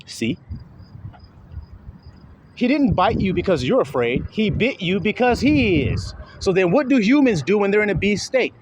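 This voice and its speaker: A man preaching in a casual, slangy street style, switching between loud and hushed delivery and acting out the voices of his listeners. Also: high-pitched, very animated, moderate pace, background noise. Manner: casual slangy talk with swearing.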